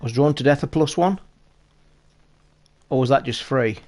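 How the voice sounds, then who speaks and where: Mid–live stream, a man from the UK addresses his audience directly in British English. His pitch is an ordinary middle for a man, and his talk is relaxed yet easily excited, hurried, and full of swearing.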